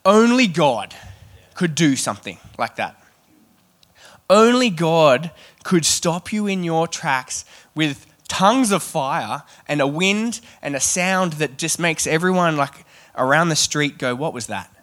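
Animated man preaching. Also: a little high, slow. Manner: animated, chatty, self-deprecating asides. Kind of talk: sermon.

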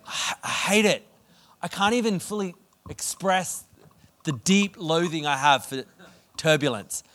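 A man preaching a sermon, energetic and conversational as he tells stories. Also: a little high. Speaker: pastor.

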